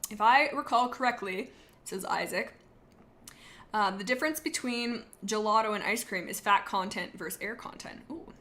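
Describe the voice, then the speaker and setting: A woman with a bright, sharp voice talks in a loose, joking way, rambling from one thought to the next. She chats casually with her stream audience as the host. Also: medium pitch, normal speed, slight background noise. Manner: rambling and jokey, chatting to viewers. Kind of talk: casual live-stream chat.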